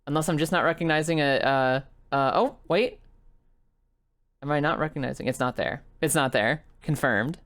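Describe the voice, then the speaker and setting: A woman's voice: low voice, normal speed. A woman streaming a game live, chatting with viewers, laughing often and swearing freely. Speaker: VTuber streamer. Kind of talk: live gameplay commentary with chat.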